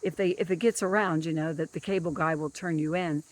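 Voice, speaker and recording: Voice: medium pitch, fairly even intonation, brisk. A government field worker ranting in a monologue, emphatic and repetitive, who keeps stressing the same words.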